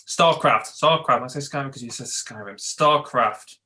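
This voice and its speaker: Male co-host, bright tone, playful, trips over his words. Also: mid-range voice, moderate pace. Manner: playful, stumbling and restarting mid-sentence. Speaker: podcast co-host. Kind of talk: casual chat.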